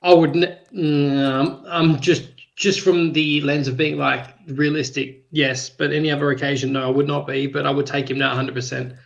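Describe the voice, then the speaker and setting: A man's voice: on the high side, flat delivery, moderate pace, vocal fry, few pauses, dull audio. A man, a co-host on a fan live stream, speaking casually and hesitantly with restarts.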